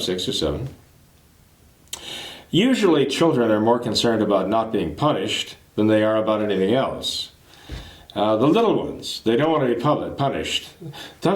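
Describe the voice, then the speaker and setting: A man teaching a catechism lesson in a conversational way, explaining points through homely everyday examples. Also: lowish voice. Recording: roomy echo.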